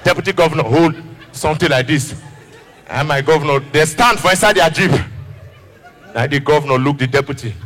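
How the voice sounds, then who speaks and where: Bright high-voiced Nigerian comedian man. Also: fairly quick, long pauses, big-room sound, some chatter behind. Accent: Nigerian Pidgin English. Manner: storytelling, switching into acted characters. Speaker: stand-up comedian. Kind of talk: stand-up comedy routine.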